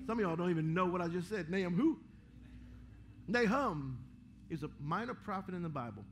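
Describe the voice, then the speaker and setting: A man's voice: high voice, expressive, brisk, pauses often, slight background noise. A man preaching a sermon as pastor, calling out to the congregation with rising fervor between quoted verses. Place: church sanctuary.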